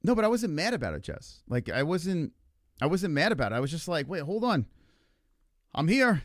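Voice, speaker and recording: A man's voice: a little high, sing-song, fast, no room sound, clean studio sound. A man hosting a livestream in casual, argumentative chat, swearing freely and rambling with lots of filler words. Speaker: livestream host.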